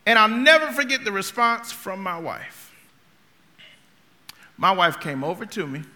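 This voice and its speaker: A man preaching a sermon in a conversational, humorous way, telling stories and swinging between quiet talk and loud outbursts. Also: sits high, very animated, measured pace, in a large hall.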